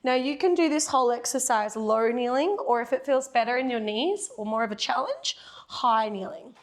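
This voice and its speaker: An Australian woman guides a Pilates class with brisk, encouraging cues and the odd playful joke. Her voice sits a little on the high side for a woman, and she sounds young and easygoing as she counts through the reps. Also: lively intonation. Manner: upbeat coaching cues with playful jokes. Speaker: Pilates instructor. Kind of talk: guided workout instruction.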